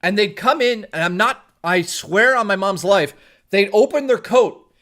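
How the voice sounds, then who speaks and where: A young man from Toronto streaming, telling a long story in a rambling, animated way, swearing freely. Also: high-pitched, measured pace. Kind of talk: casual storytelling on a live stream.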